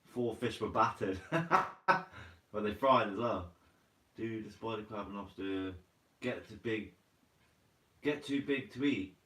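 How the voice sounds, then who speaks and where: A man with a lowish, slightly bright voice hosts a casual live stream, speaking slowly with long pauses. Laid-back and chatty, he reads viewers' comments aloud, laughs often and says "mate" a lot, captured by a distant mic with roomy sound.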